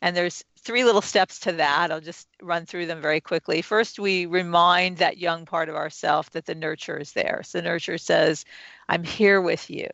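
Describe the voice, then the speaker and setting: A woman, an author and interview guest, calmly explaining self-help steps and guiding the listener through them one by one. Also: fairly low pitch, normal speed, gravelly, few pauses, dry recording. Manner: calm, instructive, walks the listener through steps. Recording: dull, lo-fi and dry.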